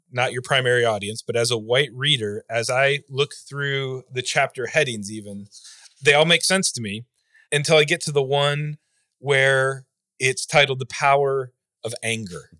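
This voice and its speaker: A man's voice: medium pitch, measured pace, sharp tone, no echo, studio quality. A man hosting a podcast interview who asks thoughtful, carefully framed questions. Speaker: podcast host.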